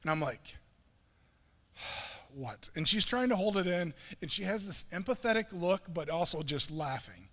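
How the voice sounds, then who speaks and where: A middle-aged man pastor telling a self-mocking story in a sermon, animated and quoting himself and others. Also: high-pitched, brisk, few pauses. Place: church sanctuary. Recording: long reverb of a church hall.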